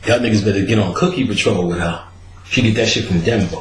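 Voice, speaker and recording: A man hosting a podcast, telling a story in a casual, animated way and acting out the quotes. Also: quick pace, echoey room, slight background noise, poor audio. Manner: animated, acts out quotes with big pitch jumps and laughter.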